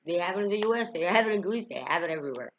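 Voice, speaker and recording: A woman's voice: on the low side, animated, racing, muffled recording, slight background noise. A young woman vlogging to camera, telling a personal story with emotion, laughing and sighing at times. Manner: emotional, tearful at times, frequent laughs and sighs.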